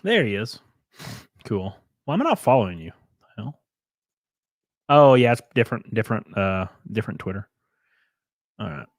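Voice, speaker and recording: A man's voice: on the low side, sing-song, moderate pace, long pauses, no echo, clean studio sound. A man hosting a livestream, talking loosely to his chat with plenty of swearing while he sets up guests. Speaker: host.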